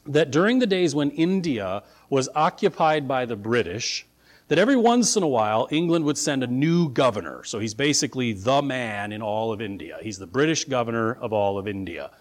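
A man preaching a sermon, telling a story with acted-out voices and building to forceful declarations. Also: a little high. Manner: animated storytelling, acts out quoted voices. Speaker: pastor.

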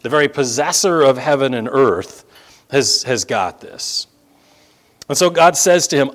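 A man preaching a conversational sermon, animated and full of asides, who also teaches students. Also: medium pitch, moderate pace. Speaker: pastor and teacher.

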